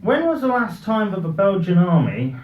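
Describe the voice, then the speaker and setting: A man's voice: high-pitched, very animated, normal speed, slight background noise. A British man giving a satirical comic speech at a party, with a dry, ironic delivery. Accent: British English. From Britain. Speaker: after-dinner speaker. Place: party venue with live audience. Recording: roomy, distant, muffled live recording.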